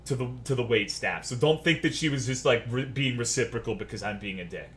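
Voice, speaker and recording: A man's voice: medium pitch, brisk, fairly bright tone, a little hiss or hum. A man streaming, telling a story as a casual rant, profane, sarcastic and exasperated.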